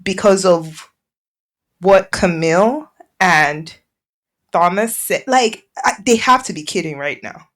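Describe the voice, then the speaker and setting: Woman, podcast guest, casual chat, incredulous, very lively pitch. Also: slow, long pauses. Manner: expressive, incredulous, laughs.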